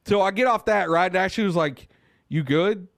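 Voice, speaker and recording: A man co-hosting a podcast, telling a long story in casual, profane chat and getting loud and animated when worked up. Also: high voice, fast, gravelly, no echo, clean studio sound. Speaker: podcast co-host.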